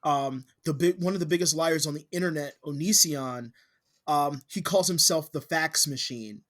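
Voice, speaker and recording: A man's voice: a little high, normal speed, a bit bright. A man co-hosting a podcast, chatting casually and ranting, getting heated and profane. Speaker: podcast co-host. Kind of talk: casual chat.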